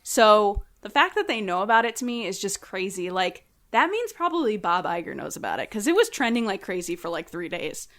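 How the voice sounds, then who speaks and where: A woman guest on a casual podcast, telling a story with animated energy and acting out quotes in a raised voice. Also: medium pitch, a little fast, few pauses.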